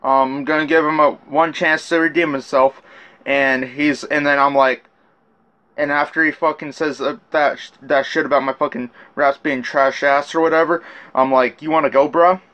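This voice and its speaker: A man's voice: a little high, flat delivery, normal speed, pushed and bright. A man telling his side of a rap feud in a casual rant, swearing often and restarting his sentences. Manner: profane, rambling, with many restarts. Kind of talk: casual rant recounting messages.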